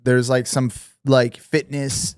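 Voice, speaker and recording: A man co-hosting a podcast, chatting casually and joking with quick restarts. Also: mid-range voice, flat delivery, clean tone, no room sound, studio quality. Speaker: podcast co-host. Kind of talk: casual chat.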